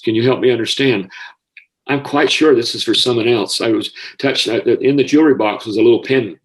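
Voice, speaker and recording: A man's voice: medium pitch, rough recording. Older american guy, ex school counselor, telling a touching story, gets choked up easy. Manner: heartfelt, gets emotional easily. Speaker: guest, former school counselor. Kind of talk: personal storytelling.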